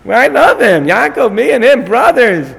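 A man's voice: extremely high pitch, lively intonation, normal speed, gravelly, a bit bright, voice pushed up, heavily acted. A man voicing Esav, a grown man protesting his innocence and claiming to love his brother. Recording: long hall reverb.

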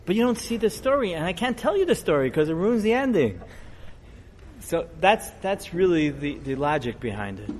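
A middle-aged man, a rabbi, giving a storytelling sermon in a conversational, digressive way that grows animated as the story builds. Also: sits high, normal speed, a little hiss or hum.

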